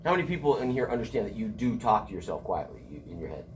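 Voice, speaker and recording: Lively joking college instructor, a man. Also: on the low side, rapid-fire, slight background noise. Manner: animated, joking storyteller. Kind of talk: casual classroom lecture. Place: classroom.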